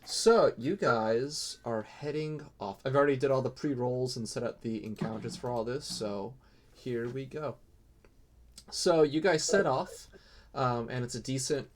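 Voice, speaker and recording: A man narrating as game master, relaxed and casual with frequent fillers. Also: medium pitch.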